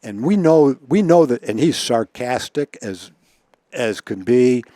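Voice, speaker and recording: Guest storyteller, male, mid-pitched, chuckling, dry close sound. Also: lively intonation, measured pace, dark tone, dry recording. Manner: chuckles often, repeats words while telling stories. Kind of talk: casual anecdote telling.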